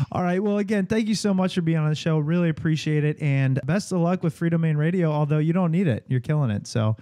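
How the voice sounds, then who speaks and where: Male podcast host, friendly, mellow tone, dry close mic. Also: on the high side, a little fast, dry recording. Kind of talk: casual interview chat.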